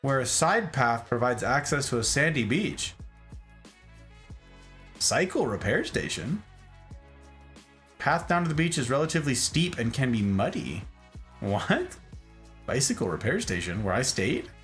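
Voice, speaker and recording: A man's voice: a little slow, long pauses, soft background music. A man hosting a casual talk show, chatting and joking while showing travel photos. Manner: animated, jokey, pitch jumps for emphasis. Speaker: podcast host.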